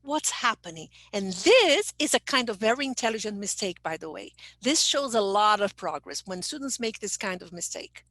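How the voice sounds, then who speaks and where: A woman's voice: mid-range voice, expressive, moderate pace, hardly any pauses, a bit bright, no room sound. An older woman, a teacher trainer giving an online webinar who explains patiently and keeps checking in with "okay?". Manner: explanatory, reads chat aloud, frequent "okay?" check-ins.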